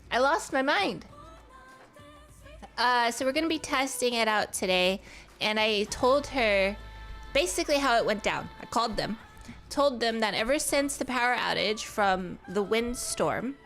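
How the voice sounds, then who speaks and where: A woman's voice: a little high, a bit bright. A woman streaming live in casual chat, greeting her viewers, laughing and swearing freely. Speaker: VTuber streamer.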